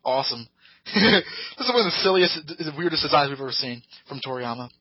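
A man's voice: on the high side, lively intonation, brisk, husky, no room sound, highs cut off. A man hosting a podcast, casually recapping an episode with rambling, hesitant storytelling and put-on voices for the characters. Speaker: podcast host. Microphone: podcast microphone.

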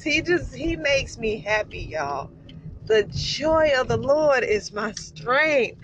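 A woman's voice: on the high side, expressive, slow pace, a bit bright. A woman hosting a faith podcast, speaking emotionally and repetitively, often calling out to her listeners. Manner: effusive, repeats herself, calls out to listeners. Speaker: podcast host. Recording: slightly dull podcast audio, faint room noise.

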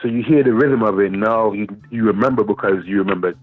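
Man, guest poet, animated storyteller, deep voice, faint music behind, tinny phone sound. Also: fast, no room sound. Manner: animated storyteller, repeats words while searching. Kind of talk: storytelling interview.

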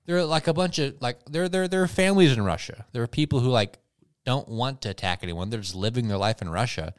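A man's voice: mid-range voice, fast talker, clear, resonant tone. A man co-hosting a casual comedic chat, joking and slipping into silly voices. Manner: joking, animated, slips into silly put-on voices. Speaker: podcast co-host.

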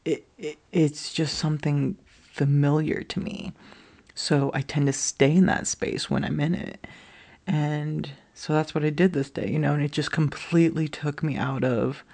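Thirtysomething podcaster, gravelly fry, rambly and sweary, just talking it out. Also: medium pitch, darkish tone. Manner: rambling, frequent "like" fillers, casual swearing. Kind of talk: candid personal monologue.

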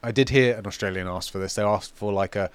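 A man with a London accent co-hosting a casual gaming chat, explaining things with lively, swear-laced energy. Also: lowish voice, quick pace, clean tone. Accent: London English. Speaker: podcast co-host.

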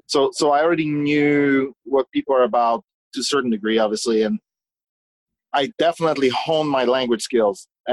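A man telling stories as a guest in a casual conversation, animated and talkative, often restarting his sentences. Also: medium pitch, low-quality recording. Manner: swears casually. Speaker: guest, business owner.

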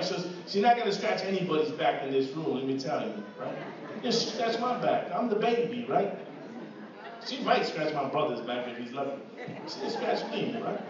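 A man preaching to his church as pastor, repeating words and asking "right?" as he builds to louder passages. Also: a little high, slight background noise. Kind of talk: sermon. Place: church hall. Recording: echoey hall from far off, dull.

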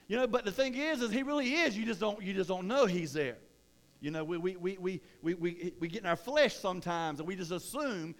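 Male pastor with a high voice, preaching casually and with energy. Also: moderate pace. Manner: energetic, conversational preaching with many restarts. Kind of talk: sermon.

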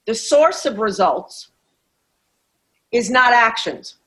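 A woman's voice: fairly high pitch, sing-song, fairly bright tone, poor audio. A middle-aged woman coach talking in a podcast interview, emphatic and blunt, swearing freely and acting out inner voices. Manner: acts out inner voices in quick asides. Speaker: master coach, podcast guest.

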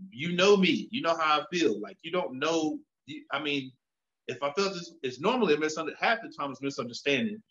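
A man in casual chat, telling animated stories and acting out both sides of conversations. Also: on the high side, fairly quick. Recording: dull lo-fi sound.

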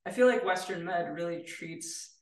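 A woman's voice: fairly low pitch, normal speed, darkish tone. A woman guest therapist explaining her work in an enthusiastic, explanatory way. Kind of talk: casual interview chat. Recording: roomy, distant mic.

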